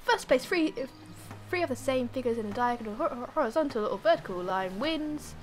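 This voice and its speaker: A woman's voice: on the high side, lively intonation, a little fast, faint music behind, lightly acted. A woman reading a riddling old game master. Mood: solemn. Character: old mysterious man offering a board game.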